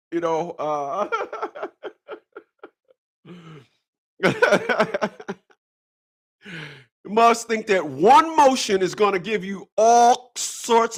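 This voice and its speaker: Rambling, laughing man with a lively pitch. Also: drawn-out words, pauses often. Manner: rambling, repeats himself, laughs often. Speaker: channel host. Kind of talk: casual livestream talk.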